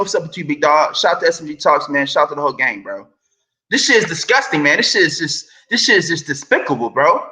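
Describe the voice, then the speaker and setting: A young man giving heated, profane ranting commentary, swinging between muttering and shouting. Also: sits high. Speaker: online sports commentator.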